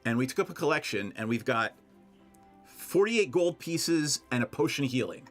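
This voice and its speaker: A man's voice: medium pitch, expressive, normal speed, fairly bright tone, faint music behind, close to an everyday voice. A man voicing an eager young male student who pleads earnestly with his peers. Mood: pleading.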